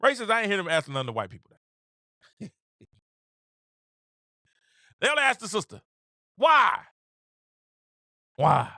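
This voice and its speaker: A man's voice: sits high, huge pitch swings, brisk, pauses often, bright, forceful tone, no echo, studio quality. A man hosting his own show, giving opinionated casual commentary, repeating phrases for emphasis and acting out quotes. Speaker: podcast host.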